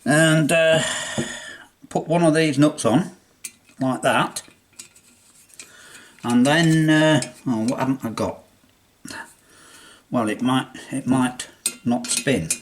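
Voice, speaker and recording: An older English man talks through a workshop demonstration at an unhurried, slow pace, his voice sitting at an ordinary middle pitch. He chats as he works, talking himself through each step, with faint clinks of metal tools in the background. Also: a little hiss or hum. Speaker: hobbyist restorer. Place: home workshop.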